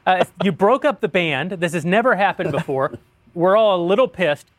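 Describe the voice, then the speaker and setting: A man's voice: high-pitched, lively intonation, moderate pace, no room sound. A man hosting a political podcast, reading a sponsor ad with wry jokes and frequent chuckles. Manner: wry, joking, chuckles often. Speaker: show host reading an ad. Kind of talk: casual podcast banter.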